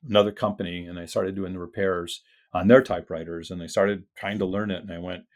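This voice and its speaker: An older man with a very deep, low voice, guesting on an interview show. He tells his story loosely and animatedly, slipping into the voices of the people he meets, with the odd casual curse. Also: fast talker. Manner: animated storyteller acting out quoted dialogue; casual with mild swearing.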